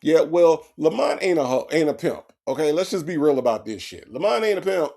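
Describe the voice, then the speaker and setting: A man hosting a casual comedic commentary, animated and talking back to his chat. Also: on the high side, fairly quick, creaky. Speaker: commentary host.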